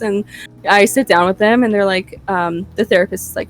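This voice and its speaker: A woman's voice: medium pitch, fairly even intonation, brisk, soft background music. A young woman hosting a podcast, telling a story in casual chat with profane, laughing asides. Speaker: podcast host.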